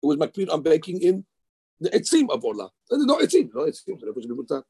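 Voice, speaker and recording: A man teaching Talmud in a lively study session, mixing Hebrew terms into his English. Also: a little high, quick pace, gravelly, husky, no echo. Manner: animated, excitable, mixes Hebrew terms into English.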